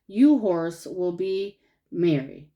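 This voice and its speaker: A woman's voice: on the low side, expressive, takes it slowly, dark tone. A theatrical little girl who takes herself very seriously, from a children's storybook, voiced by a woman reading aloud. She speaks grandly and complains easily. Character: dramatic young girl, a fussy actress.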